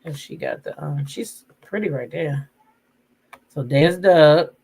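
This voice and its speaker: A woman with a low voice hosts a relaxed gossip talk. She rambles in a chatty way, humming and filling pauses as she goes. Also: a little hiss or hum. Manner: chatty, drawn-out humming and fillers. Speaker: host. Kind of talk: casual gossip commentary.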